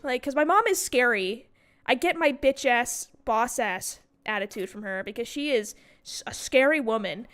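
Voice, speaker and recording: A young woman in her twenties telling a story casually over gameplay, lively and swearing freely. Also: on the high side, moderate pace. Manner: animated, swears freely, acts out quoted voices. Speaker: gaming streamer. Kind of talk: casual storytime while playing a game.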